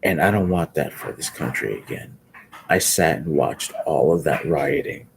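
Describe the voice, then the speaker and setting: A sleepy man speaking live commentary in a slow, halting way, often repeating himself. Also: rumbling low, animated, creaky, background noise. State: sleepy, yawning. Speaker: livestream commentator.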